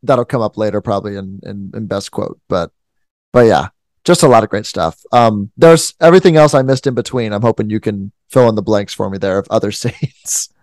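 A young man co-hosting a podcast in a loose, relaxed way. His voice sits in a middle range for a man. The recording is dry and close. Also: fairly low pitch, brisk, no echo. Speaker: podcast co-host. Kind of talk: casual film review chat.

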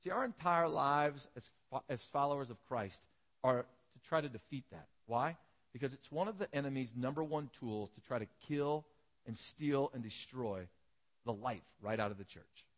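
A man's voice: mid-range voice, moderate pace, a bit bright. A male pastor preaching a sermon and retelling a parable as a vivid, dramatic storyteller.

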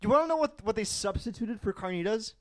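A man's voice: high-pitched, lively intonation, fast, no echo, studio quality. A young man in casual chat, telling a story with lots of swearing and acting out both sides of a conversation.

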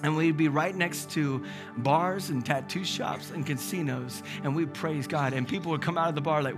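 A male pastor preaching a sermon, emphatic and animated, asking rhetorical questions. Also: on the high side, normal speed, over music.

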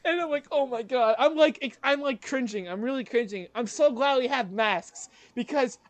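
A young man co-hosting a podcast, telling a workplace story in casual chat, lively and acting out what others said. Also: very high-pitched, moderate pace. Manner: animated, acts out quoted voices, laughs often. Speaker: podcast co-host.

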